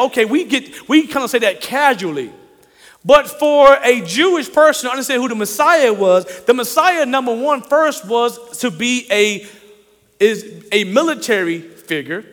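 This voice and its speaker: High, bright-voiced folksy preacher. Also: male voice. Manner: conversational, folksy, playful storytelling. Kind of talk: sermon. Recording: long hall reverb.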